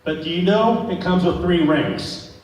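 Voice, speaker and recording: A man's voice: high-pitched, measured pace, darkish tone. Man doing crude stand-up in an echoey room. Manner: crude, self-mocking storytelling. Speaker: stand-up comedian. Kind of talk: stand-up set. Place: small club with an audience. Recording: echoey room, distant mic, faint noise.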